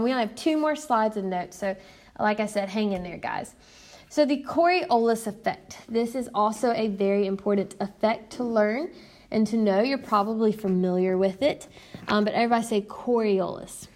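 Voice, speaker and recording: A young woman, teaching a recorded science lesson in a chatty, upbeat way and speaking straight to her students. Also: fairly high pitch. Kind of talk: recorded classroom lecture.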